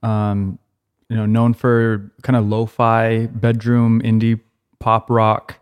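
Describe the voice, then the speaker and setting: A man's voice: on the low side, monotone, slow pace, clear, resonant tone. A man hosting a casual music podcast, talking loosely about a band with lots of fillers and restarts. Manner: rambling, many fillers and restarts. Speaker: podcast host.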